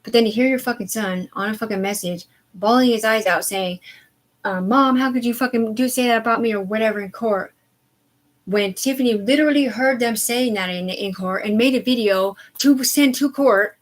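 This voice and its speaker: A woman's voice: medium pitch, moderate pace, low-quality recording. Agitated, profane woman ranting on a live stream. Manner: agitated and profane, swinging to quiet mumbling; rambling, disjointed speech. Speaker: livestreamer. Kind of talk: unscripted live stream rant.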